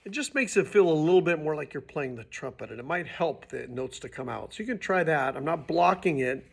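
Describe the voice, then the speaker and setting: A man teaching beginning trumpet, his voice sitting a little higher than most men's. He explains patiently and casually, now and then restarting a phrase as he demonstrates. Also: animated, brisk, vocal fry, breathy edge. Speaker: music teacher. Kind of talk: instructional demonstration.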